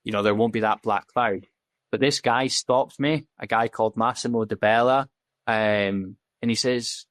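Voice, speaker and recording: A man's voice: lowish voice, steady tone, moderate pace, a bit bright, no room sound. A man, a podcast guest telling his story in candid, casual talk, blunt and full of swearing, acting out the dialogue he quotes. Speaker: podcast guest, safety officer.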